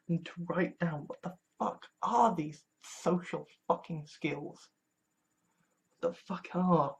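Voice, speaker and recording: A woman's voice: on the low side, big pitch swings, measured pace, pauses often. A woman vlogger talking casually to camera in a rambling, exasperated way, swearing freely. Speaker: YouTube vlogger. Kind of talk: casual vlog monologue.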